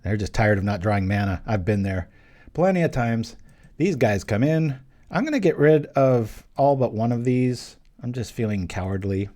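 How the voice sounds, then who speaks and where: A young man commentates casually while he plays, thinking aloud and cracking small jokes as he goes. His voice sits on the lower side and has a mellow, warm tone. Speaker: channel host playing an online card game. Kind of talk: live gameplay commentary.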